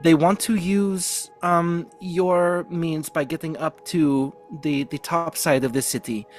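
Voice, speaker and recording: A man's voice: a little high, steady tone, slow, soft background music, pitched above the performer's own voice. A man voicing a nervous, apologetic female servant who hesitates and stammers.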